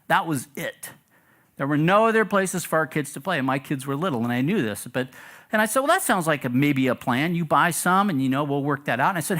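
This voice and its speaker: A middle-aged pastor telling a story to his congregation in a relaxed, conversational sermon, often asking the room questions. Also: on the high side. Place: church sanctuary.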